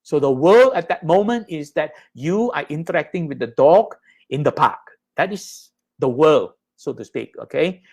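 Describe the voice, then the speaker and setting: A man's voice: a little high, animated, normal speed, a little mellow. Patient man teaching Buddhist ideas. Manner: patient, explanatory, checks in with "right?" and "okay?". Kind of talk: lecture explaining slides.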